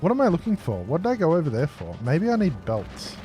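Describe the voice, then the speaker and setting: A man's voice: fairly high pitch, wildly swooping pitch, brisk, dark tone, faint music behind. A man streaming a factory-building game, chatting and joking casually with his viewers. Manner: jokey, chatty, responds to chat aloud. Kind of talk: casual live-stream chat.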